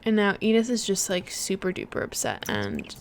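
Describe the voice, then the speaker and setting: A woman narrating a life-simulation game in a soft-spoken ASMR style, chatty and full of fillers. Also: medium pitch, big pitch swings, normal speed, a little hiss or hum. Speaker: gaming channel host. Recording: loud game audio underneath.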